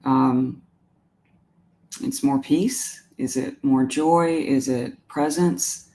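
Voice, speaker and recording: Gentle, halting woman on a live stream. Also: rumbling low, fairly even intonation, a little hiss or hum. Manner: warm, emotional, halting with many restarts. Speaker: animal communicator hosting a live stream. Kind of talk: gentle live-stream talk answering viewer comments.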